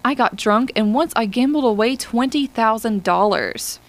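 A woman voicing Lespierre, a worldly, contented male spaceman who speaks calmly and a little indignantly. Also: a little high, moderate pace. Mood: boastful. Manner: indignant, then settled.

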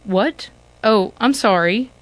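A woman's voice: medium pitch, takes it slowly, no echo, close to an everyday voice. A woman reading aloud voices a cheerful middle-aged uncle who sounds eager and upbeat in a storybook adventure. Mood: puzzled. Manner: eager, upbeat, raises voice with excitement.

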